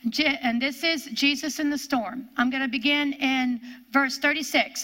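A woman preaching a sermon, swinging from loud, fervent peaks to hushed lows and reading scripture aloud. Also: fairly even intonation, normal speed, hardly any pauses. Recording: echoey hall.

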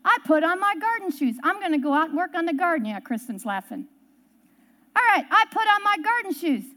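High-voiced woman telling a sermon story. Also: fairly quick. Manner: animated storyteller, acts out quotes. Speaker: preacher.

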